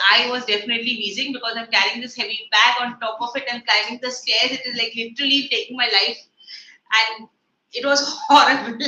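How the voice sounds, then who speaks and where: A woman with a slightly high, pushed and bright voice teaches English literature, chattily illustrating word meanings with everyday examples. It was recorded in an echoey room with faint noise.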